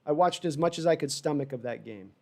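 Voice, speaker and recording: A man reads chat on his fan livestream while giving a rambling, animated reaction to the sports action, with frustrated side comments. His voice runs on the high side with vocal fry, and his pace is quick.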